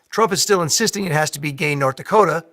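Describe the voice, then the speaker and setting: A man reading a satirical news broadcast as the anchor, in a deadpan delivery. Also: a little high, fairly quick, no echo.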